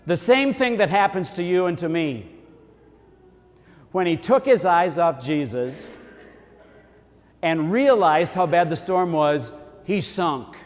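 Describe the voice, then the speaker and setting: A man's voice: high-pitched, expressive, slow, long pauses. A man preaching a sermon as a priest, in a folksy, conversational way. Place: church. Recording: long church reverb.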